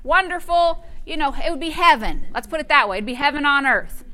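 High, bright-voiced woman pastor preaching. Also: animated, fairly quick. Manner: fervent preaching with call-and-response interjections. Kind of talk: sermon.

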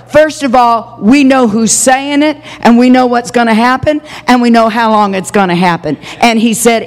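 Older woman preaching in an echoing hall. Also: on the high side. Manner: impassioned, drawn-out emphatic phrases. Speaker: pastor. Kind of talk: sermon. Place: church sanctuary. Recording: long hall reverb.

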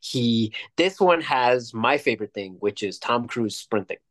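A male co-host chats loosely on a podcast, swearing a lot and leaning hard on his points. His voice sits at an ordinary middle pitch, and his delivery is rambling and emphatic. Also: expressive, unhurried, a bit bright. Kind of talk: casual chat.

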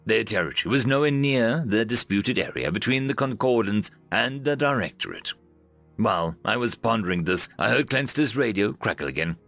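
A man reading a military science fiction story aloud, narrating with a dramatic, lively delivery. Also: fairly low pitch, moderate pace, vocal fry, soft background music. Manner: lively, dramatic reading with raised voices for dialogue. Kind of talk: scripted sci-fi story narration.

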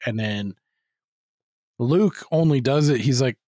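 A man's voice: medium pitch, a little slow, a little mellow, no room sound. Profane, rambling podcast co-host, man. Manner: profane, rambling recap with acted quotes. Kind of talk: casual movie-review chat.

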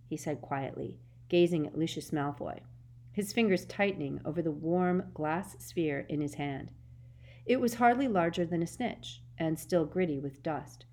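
A woman reads a story aloud with a steady, expressive delivery. Her voice sits on the lower side. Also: measured pace. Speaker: narrator. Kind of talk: audiobook narration.

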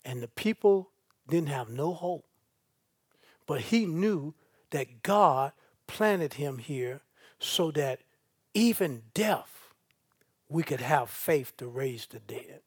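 A man's voice: on the high side, lively intonation, slow, long pauses, slightly rough, no echo, clean studio sound. A male pastor, preaching a sermon and reading scripture aloud with asides to the congregation.

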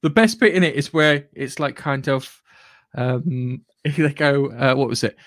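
A man's voice: medium pitch, unhurried, no echo. Guy rambling on a podcast, swears a lot, mid voice, dry sound. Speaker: podcast co-host. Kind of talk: casual chat.

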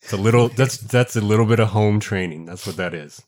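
Lower-voiced man, joking co-host. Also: a little mellow. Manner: joking, quick to laugh. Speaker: podcast co-host. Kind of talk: casual chat.

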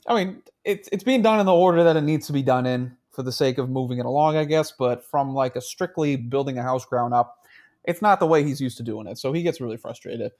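A man's voice: medium pitch, fairly quick, darkish tone. A man co-hosting a podcast in casual chat, laughing often and swearing freely. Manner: laughing, crude banter. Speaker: podcast co-host. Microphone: handheld mic.

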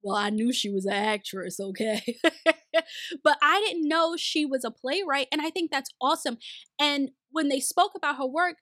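A woman chatting casually as a video host, reviewing a documentary in an animated, talkative way. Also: sits high, moderate pace, dry recording. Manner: animated, chatty, asks "okay?". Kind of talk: casual commentary.

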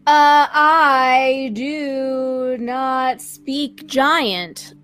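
A woman playing a tabletop game, speaking in a measured, deliberate way. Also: sits high, fairly even intonation, a bit bright, soft background music. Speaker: player.

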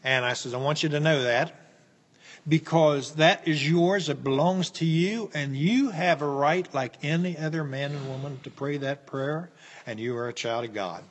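Speaking at normal speed in a fairly high voice, an older man from the United States rambles through personal stories as an interview guest. He's folksy, leaning on lots of fillers and restarts, and the recording has the long reverb of an echoey room.

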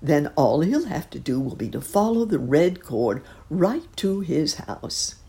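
Casting: a gentle, musing old rabbit gentleman with a gravelly low voice, as a woman puts him on. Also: very animated, measured pace, exaggerated voice. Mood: thoughtful.

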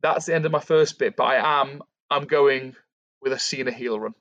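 A man's voice: mid-range voice, normal speed, no room sound. A man co-hosting a podcast, retelling a storyline in casual chat and briefly acting out the lines of the people in it. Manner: animated, acts out quotes while retelling. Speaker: podcast co-host. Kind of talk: casual storytelling about a fantasy wrestling storyline.

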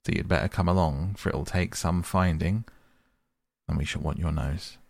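A man's voice: deep voice, moderate pace, gravelly, darkish tone, dry recording. A man voicing a hearty, kindly male water rat who talks with cheerful command.

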